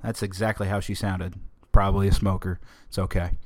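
A man's voice: sits low, little pitch movement, a little fast, darkish tone. A man hosting a political podcast, giving opinionated, emphatic commentary in a conversational way. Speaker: podcast host.

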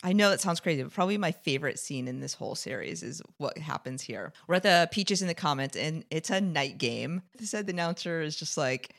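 A woman with a notably low voice recaps a TV episode for a podcast. She chats casually, laughs a lot and acts out the characters' lines as she goes. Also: fairly quick, hardly any pauses. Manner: animated, laughing, acts out quotes. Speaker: podcast co-host.

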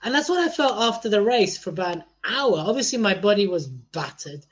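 A man co-hosting a podcast, telling stories in an animated, teasing manner. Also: high-pitched, a little fast, lo-fi sound. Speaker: podcast co-host. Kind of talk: casual chat.

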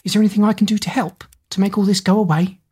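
A woman's voice: mid-range voice, steady tone, rapid-fire, dark tone, husky, pitched above the performer's own voice, close to an everyday voice. A woman voicing a spirited teenage schoolgirl who talks in a blunt, questioning way. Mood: startled.

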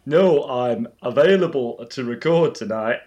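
A man co-hosting a comedy podcast who makes dry, deadpan jokes in casual chat. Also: mid-range voice, unhurried, lo-fi sound. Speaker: podcast co-host.

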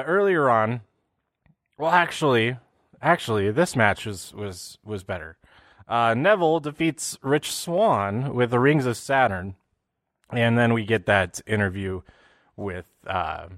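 A man's voice: fairly low pitch, fairly bright tone, no echo, studio quality. A man casually recapping a show, rambling with many fillers and restarts and now and then doing silly voices for quotes. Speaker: wrestling recap host.

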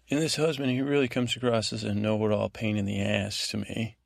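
Man, podcast host, low gravelly voice, meandering bedtime monologue, halting restarts, dry close sound. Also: steady tone, dry recording. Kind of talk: rambling bedtime recap monologue.

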